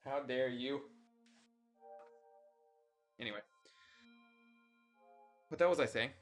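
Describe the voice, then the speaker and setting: A man's voice: medium pitch, takes it slowly, soft background music. A young adult man streaming, casually telling a rambling, profane, self-mocking story to his chat.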